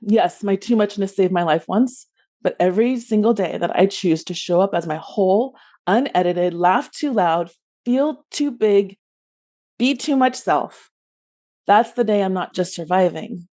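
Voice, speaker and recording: An adult woman telling a rehearsed personal story as a podcast guest, expressive and loud when acting out yells. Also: mid-range voice, measured pace.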